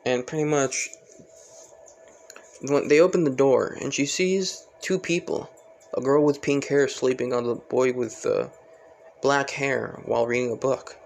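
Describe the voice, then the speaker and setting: A man's voice: medium pitch, a little slow, creaky, a little mellow, slight background noise. A man casually narrating a fan story, rambling with many fillers and self-corrections.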